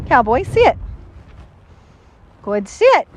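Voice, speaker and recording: A woman's voice: very high voice, big pitch swings, measured pace, pauses often, a little hiss or hum. A woman dog trainer recorded outdoors, talking casually through a training session and giving a dog lots of upbeat praise. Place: outdoors, cold and windy.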